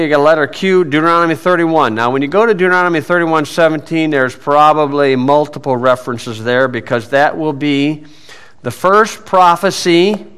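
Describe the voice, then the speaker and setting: Guy doing a bible study, talks it through like a conversation, keeps saying okay and clearing his throat, smooth clear voice a bit on the high side. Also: a bit bright. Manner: conversational, asks and answers his own questions, frequent "okay". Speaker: Bible teacher. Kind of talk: verse-by-verse Bible teaching.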